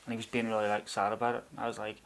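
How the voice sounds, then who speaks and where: A man in his thirties, co-hosting a podcast and telling animated stories with frequent laughter. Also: lowish voice, rapid-fire, a little hiss or hum. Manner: animated storyteller who laughs often. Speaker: podcast co-host. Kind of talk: casual chat.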